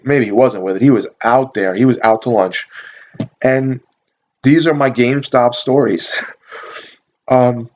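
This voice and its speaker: A man tells rambling, profane stories in a casual, offhand vlog style. His voice sits in an ordinary middle range. The sound is dull and lo-fi. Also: mid-range voice. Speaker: channel host. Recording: dull lo-fi recording.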